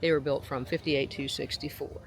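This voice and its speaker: A woman's voice: fairly even intonation, moderate pace, a little hiss or hum. Chatty woman vlogging outdoors. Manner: chatty, gushing over animals in a high sing-song voice. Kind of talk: casual outdoor vlog narration. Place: outdoor farm attraction. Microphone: handheld camera mic.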